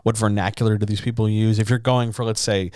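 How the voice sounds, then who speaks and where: A chatty, upbeat man hosts a writing livestream, speaking in a slightly low voice. He talks straight to his chat in a casual Q&A. The sound is dry and close on a podcast mic. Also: level tone, quick pace, darkish tone, no echo. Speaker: writing coach and chat host. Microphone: studio podcast mic.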